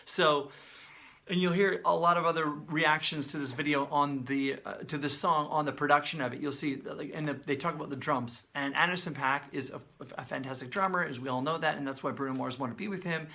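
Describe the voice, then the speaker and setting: A man breaking down a song's lyrics in casual, animated video commentary, sometimes singing and beatboxing snippets. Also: a little high, fairly quick, gravelly. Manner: animated, talks with his hands, sings and beatboxes snippets; conversational, many fillers. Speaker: songwriter breaking down a song.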